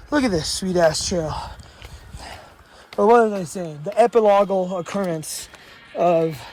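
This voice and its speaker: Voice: medium pitch, a little mellow. A hiker from Washington state talks to the camera while walking a mountain trail. The hiker rambles and often breaks into awestruck exclamations. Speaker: long-distance hiker. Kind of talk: walking trail vlog, thinking aloud.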